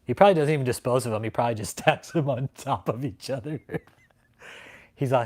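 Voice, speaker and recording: A man's voice: mid-range voice, brisk, a little mellow. A man hosting a livestream, ranting in a mocking, profane way, often breaking into laughter and rambling. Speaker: livestream host. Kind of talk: casual profane livestream rant.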